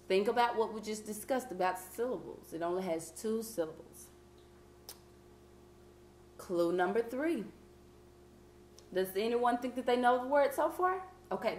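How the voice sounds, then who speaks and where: A woman teacher leading a vocabulary lesson, patient and encouraging, reading clues out slowly. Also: fairly high pitch, echoey room, slight background noise. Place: classroom.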